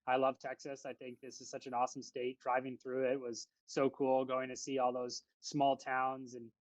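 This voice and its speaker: A man's voice: medium pitch, completely flat delivery, moderate pace, dry recording, low-quality recording. A man from western Canada, a guest on a casual podcast interview, rambling and chatty with lots of fillers.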